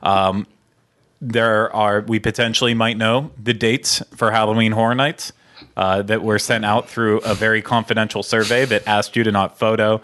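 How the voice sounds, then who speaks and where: Man, low voice, casual podcast host, rambling news rundown. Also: little pitch movement, normal speed, fairly bright tone. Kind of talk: casual chat.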